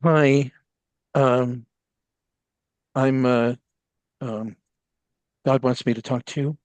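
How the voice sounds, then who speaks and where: A man's voice: medium pitch, steady tone, extremely slow, a little mellow, dry recording. A man voicing an odd, naive and devout woman in a tabletop game, talking earnestly and rambling with many ums. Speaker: player.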